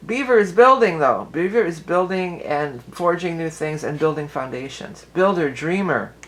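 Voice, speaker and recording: A woman's voice: low voice, unhurried, rough recording. A woman giving a casual tarot and astrology reading for her viewers, chatty and rambling, often restarting her sentences and laughing easily.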